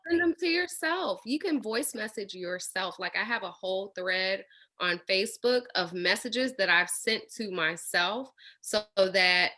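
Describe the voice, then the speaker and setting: Bright, enthusiastic woman on a call. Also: medium pitch, unhurried. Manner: enthusiastic, emphatic. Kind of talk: casual coaching talk.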